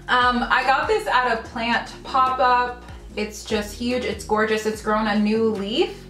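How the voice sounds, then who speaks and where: A woman's voice: a little high, little pitch movement, slow pace, sharp tone, echoey room, soft background music. A woman chatting casually and gushing about her houseplants at home, with frequent ums and little laughs. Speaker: plant vlogger. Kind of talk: casual haul video chat. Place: home room full of houseplants.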